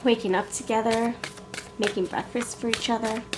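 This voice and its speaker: A woman's voice: a little high, steady tone, normal speed, noisy background. A woman giving a casual tarot reading, who keeps breaking into laughs, coughs and sniffles as she talks. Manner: giggly, coughing and laughing between sentences. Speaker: tarot reader.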